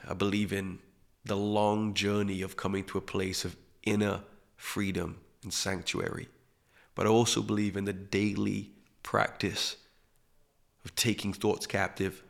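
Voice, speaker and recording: Man, low gravelly voice, calm reflective spiritual teacher, soft hushed emphasis. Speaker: podcast host.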